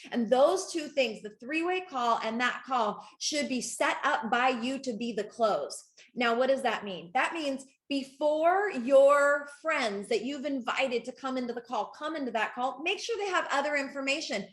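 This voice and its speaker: Woman host of a coaching call, excitable and chatty, slightly high voice, echoey room. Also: a little slow. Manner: excitable, laughing, talks to the audience directly. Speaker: network marketing coach. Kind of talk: live group coaching call.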